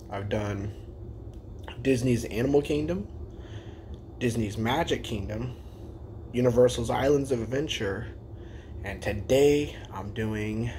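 A young man talks through his day in a casual vlog, with an excited, rambling delivery full of restarts. He sounds a little tired after little sleep, and his voice sits in a middle pitch. A faint background noise is heard. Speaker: vlogger.

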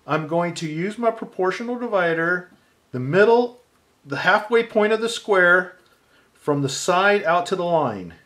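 An art teacher with a slightly higher voice leads a patient, step-by-step drawing lesson. Calm and unhurried, he thinks aloud and narrates each mark as he makes it.

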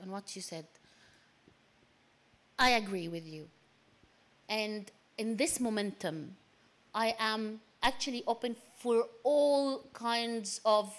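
Hesitant woman speaking at a panel. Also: fairly high pitch. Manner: hesitant, many fillers and restarts, grows emphatic. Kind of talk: panel discussion remarks. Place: seminar room.

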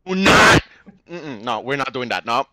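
A man's voice: medium pitch, big pitch swings, moderate pace, gravelly, crowd noise, poor audio. A young man co-hosting a casual podcast chat, flamboyant and dramatic, with big exclamations. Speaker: podcast co-host.

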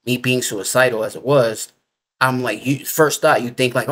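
This male interview guest has a mid-range, somewhat bright voice and keeps a steady tone at a moderate pace. His storytelling is loose and rambling, packed with "like" and other fillers, with casual grammar throughout.

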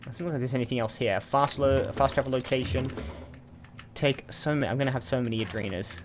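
A man's voice: mid-range voice, brisk, background noise. Chatty man narrating his gameplay. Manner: chatty, thinks aloud with asides. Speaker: let's play host. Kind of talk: casual game commentary.

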